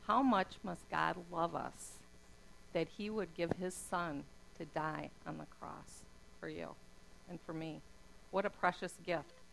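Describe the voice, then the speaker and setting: A middle-aged woman shares her faith testimony in an earnest, heartfelt way. Her voice sits low and has a gravelly edge. A faint hum runs underneath. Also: fairly even intonation, slow, fairly bright tone, poor audio. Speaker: speaker giving a testimony.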